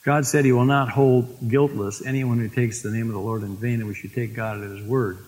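A male pastor delivers a sermon at a middling pitch, drawing out scripture lines for weight. His voice carries a long reverb from a large church sanctuary. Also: fairly even intonation, darkish tone. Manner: storytelling, slows for emphasis on scripture.

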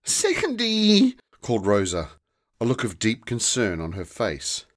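A man narrating a children's fantasy story in a slow, deliberate storytelling manner. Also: low-pitched.

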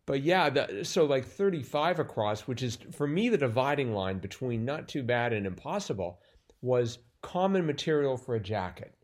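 A man in a mid-pitched voice talks through a crossword in loose, rambling chat. He keeps restarting sentences and leaning on fillers. He sounds a little sleepy. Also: big pitch swings, normal speed. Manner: rambling, self-interrupting, lots of fillers. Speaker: crossword podcast co-host. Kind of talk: casual chat.

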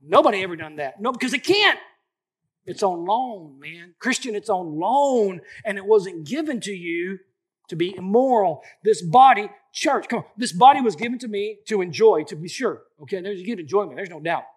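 Man, late forties, pastor, sermon, high-pitched, animated, casual, emphatic repetition. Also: normal speed, slightly rough. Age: 40s. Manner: animated, colloquial preaching with repeated emphatic phrases.

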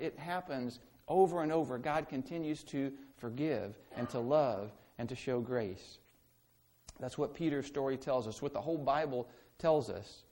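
A man's voice: a little high, darkish tone. Earnest male pastor preaching. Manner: earnest, repetitive preaching with rhetorical questions. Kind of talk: sermon. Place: church service, also streamed online.

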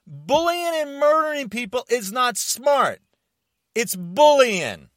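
A man delivering an angry, confrontational rant to camera, shouting and challenging his listeners. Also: very high-pitched, very animated, takes it slowly, no echo, clean studio sound.

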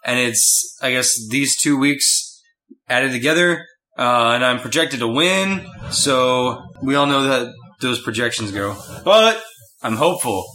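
A man's voice: medium pitch, animated, a little slow, bright, forceful tone, low-quality recording. A man co-hosting a podcast in casual chat, teasing and dryly pushing back on his partner. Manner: teasing, dry pushback. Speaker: podcast co-host.

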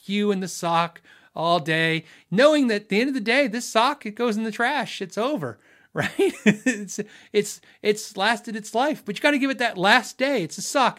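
A middle-aged man, a guitar tech hosting a podcast, chatting casually and joking with laughs, trailing off into low asides. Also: fairly bright tone. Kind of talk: casual live-stream chat.

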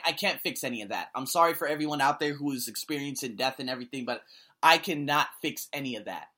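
A man who hosts an ESL podcast, ranting to camera with blunt profanity. He swings between loud outbursts and low muttering. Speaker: vlogger and ESL podcast host. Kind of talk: angry opinion rant to camera.

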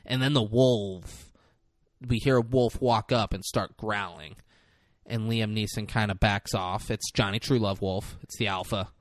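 A man's voice: measured pace, no room sound. A man casually and profanely recapping a movie scene, acting out the characters as he goes. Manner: animated retelling, acts out characters with swings in pitch and loudness. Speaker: podcast co-host recapping a movie.

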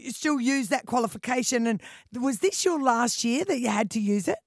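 A woman's voice: a little high, lively intonation, moderate pace, dry recording, studio quality. A woman co-hosting a breakfast radio show asks a guest friendly, curious questions in a live interview.

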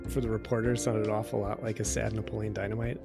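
A man co-hosting a podcast, trading lively jokes in casual banter. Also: fairly low pitch, quick pace, vocal fry, over music. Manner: lively, jokey. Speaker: podcast co-host.

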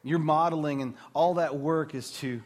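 A man in his thirties, a pastor, preaching a sermon in a conversational, animated way with casual asides. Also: a little high, normal speed.

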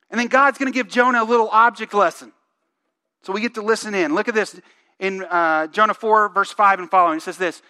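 A man's voice: sits high, pushed and bright. A male pastor giving a conversational sermon, reading scripture aloud and asking the congregation questions. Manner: reads scripture aloud with emphasis.

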